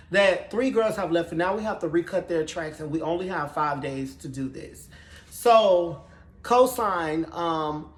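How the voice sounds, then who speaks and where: A man with a high voice recaps a TV episode in a sassy, profane, gossipy way. He tells it with animated flair. The room around him is echoey. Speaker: TV show recap reviewer.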